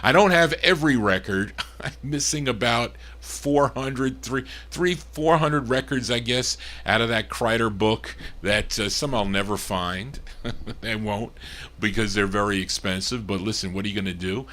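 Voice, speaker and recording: A man hosting a record show, introducing songs and reading out listener requests in a chatty, relaxed way with the odd chuckle. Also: fairly low pitch, normal speed. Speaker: radio-style record show host. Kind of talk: casual disc jockey patter.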